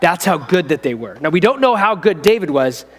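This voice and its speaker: A man's voice: on the high side, very animated, a little fast. A male pastor telling a story to children in a church hall, in a playful way that draws in his listeners and helpers. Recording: long reverb in a hall.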